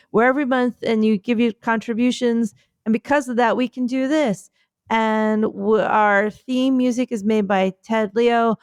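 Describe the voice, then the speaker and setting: A woman's voice: fairly high pitch, smooth, dry recording, clean studio sound. A woman co-hosting a comedy podcast, chatting in a rambling, playful, scattered way. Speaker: podcast co-host. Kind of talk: casual comedic chat.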